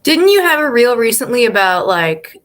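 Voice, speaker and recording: A woman's voice: on the high side, sing-song, normal speed, fairly bright tone. A woman guest in a casual panel chat, asking questions in an earnest, reflective way.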